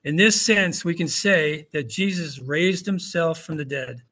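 Pastor preaching in a slightly high voice. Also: male voice, measured pace, pushed and bright. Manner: conversational preaching with rhetorical questions. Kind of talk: sermon. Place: church hall with congregation.

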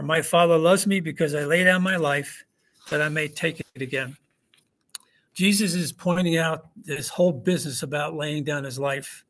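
Male pastor, slightly high voice, conversational sermon with rhetorical questions. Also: a bit bright. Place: church hall with congregation.

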